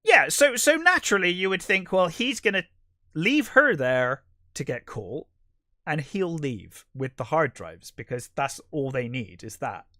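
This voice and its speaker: A man's voice: fairly high pitch, very animated, a little slow, sharp tone, no room sound, studio quality. A man co-hosting a podcast, giving a casual, rambling film review that turns bluntly critical and exasperated. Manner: rambling, restarts mid-sentence. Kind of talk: casual movie review chat.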